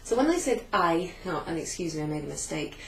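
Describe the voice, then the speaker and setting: Speaking a little fast in a lowish, creaky voice, this teacher is very animated as she patiently goes back over a beginner Italian class, repeating phrases. She turns away now and then to write on the whiteboard. The room echoes, with a faint hum beneath.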